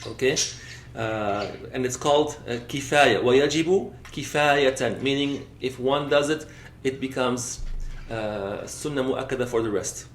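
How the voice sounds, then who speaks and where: A man's voice: medium pitch, a little slow, few pauses. Man, religious law teacher, step-by-step lecture, mixes in Arabic recitation, checks understanding, echoey room. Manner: explains step by step, checks with "okay?"; switches between English and recited Arabic text. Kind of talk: classroom lecture. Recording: roomy, faint background noise.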